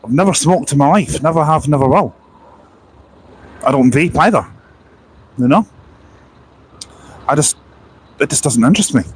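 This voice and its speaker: A man's voice: a little high, lively intonation, normal speed, pauses often, a little hiss or hum. A man with a sore throat chatting casually on a phone live stream outdoors by a bus station, rambling and reading out viewer comments.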